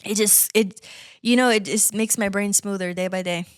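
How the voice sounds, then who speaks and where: A woman's voice: mid-range voice, fairly even intonation, normal speed, clean tone. A woman hosting a podcast in casual chat, rambling off on tangents and giggling. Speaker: podcast host.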